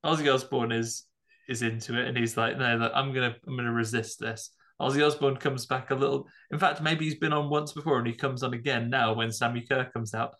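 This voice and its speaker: A man's voice: medium pitch, fairly even intonation, fairly quick, a bit bright. A man co-hosting a podcast, chatting casually about a film with jokey asides. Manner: laughs often, jokey asides. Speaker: podcast co-host. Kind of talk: casual film-review chat.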